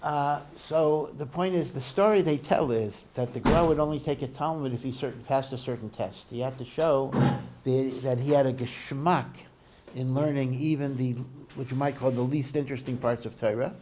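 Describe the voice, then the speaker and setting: A man's voice: mid-range voice, normal speed, a little mellow, a little hiss or hum. A man, a rabbi, giving a Torah lecture in a conversational, digressive storytelling way, often restarting his sentences and using Hebrew and Yiddish learning terms. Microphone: podcast recording of a lecture.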